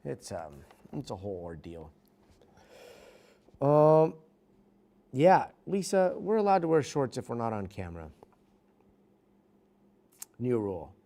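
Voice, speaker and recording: A man's voice: medium pitch, sing-song, takes it slowly, pauses often, mellow. A middle-aged man, a news anchor, chatting casually with livestream viewers from a studio, self-mocking and reading comments aloud.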